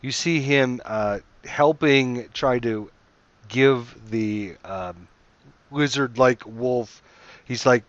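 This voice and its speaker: A man running an online tabletop game as game master, calmly narrating combat and ruling on moves. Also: lowish voice, no echo, dull audio.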